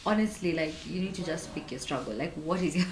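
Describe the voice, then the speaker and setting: A young woman in her twenties with a Kenyan accent, telling a personal story to camera in a chatty, animated way. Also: sits low, a little fast, slight background noise. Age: 20s. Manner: chatty, animated, full of "like" and "honestly". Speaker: vlogger. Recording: roomy echo.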